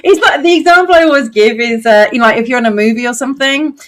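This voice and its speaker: A middle-aged woman co-hosting a podcast in casual chat, animated and blunt, swearing freely. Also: fairly high pitch, fast. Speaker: podcast co-host.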